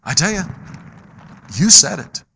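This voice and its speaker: A middle-aged man preaching a sermon, moving between loud, emphatic exhortation and low, quiet storytelling. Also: expressive, unhurried, vocal fry, slight background noise.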